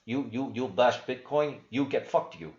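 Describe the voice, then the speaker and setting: A man's voice: mid-range voice, animated, moderate pace, a little mellow, natural voice. A man putting on a fake Russian accent to play a crude, threatening male leader who speaks broken English. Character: mock Russian leader, gruff male bully. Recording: roomy, slightly dull sound.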